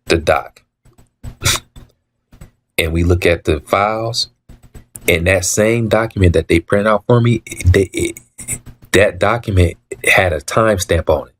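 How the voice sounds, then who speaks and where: Guy with a deep husky voice telling a story, repeats himself a lot, keeps clearing his throat. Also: slow, long pauses, a bit bright. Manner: repetitive, emphatic, acts out quoted dialogue. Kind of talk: casual storytelling monologue.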